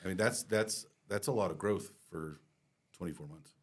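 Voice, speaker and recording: A man's voice: sits low, moderate pace, breathy edge. A man co-hosting a business podcast, talking candidly and casually with some swearing and repeated starts. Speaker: podcast co-host and company team member.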